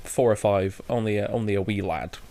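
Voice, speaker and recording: A man's voice: fairly low pitch, fairly quick, warm tone. A young British man co-hosting a podcast, telling stories in a laid-back, jokey way during casual chat. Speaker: podcast co-host.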